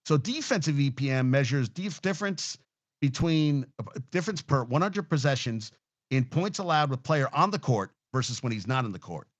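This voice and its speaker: A man's voice: medium pitch, expressive, normal speed, muffled recording. A man hosting a sports talk show, ranting casually and heatedly with lots of swearing and restarts. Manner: profane, heated, rambling with restarts.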